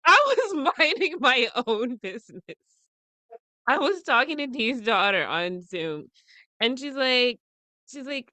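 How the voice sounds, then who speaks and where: Young woman podcast co-host, casual and profane, breaks into laughter mid-story; bright, slightly high voice, dry close sound. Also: very animated, measured pace, no echo. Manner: blunt, profane, laughs often while telling stories. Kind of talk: casual chat.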